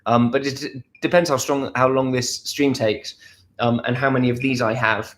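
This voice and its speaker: A man's voice: mid-range voice, fairly even intonation, moderate pace, fairly bright tone. Young guy from essex chatting on a home livestream, joking at his own expense. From Essex, England. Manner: chatty, playful and self-deprecating. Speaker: livestream host. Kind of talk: casual livestream chat reading viewer comments. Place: at home, indoors.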